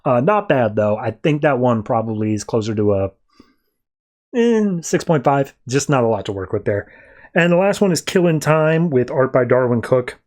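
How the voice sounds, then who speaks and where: A man's voice: medium pitch, lively intonation, moderate pace, a little mellow. A man hosting a podcast, casually recapping a comic in a loose, rambling way and breezily quoting the characters. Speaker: podcast host.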